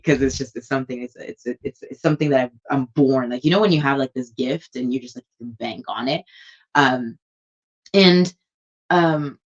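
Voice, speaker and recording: A young woman who works as a stylist and vlogs chats casually to the camera from home in a low-pitched voice, with lo-fi sound. She rambles enthusiastically and comes across as warm with customers.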